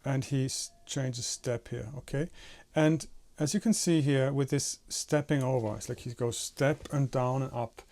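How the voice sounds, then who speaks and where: A man's voice: medium pitch, a little slow, darkish tone. A man teaching animation in a tutorial, explaining step by step and demonstrating with his own head and hands. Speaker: animation instructor.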